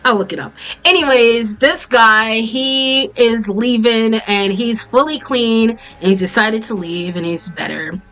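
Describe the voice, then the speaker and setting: A woman's voice: fairly high pitch, measured pace, a bit bright. Blunt, chatty American woman vlogging. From Jamaican family, raised in the US. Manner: chatty and blunt, swears casually, drifts into tangents. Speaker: YouTuber reviewing a TV series. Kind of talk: casual commentary vlog.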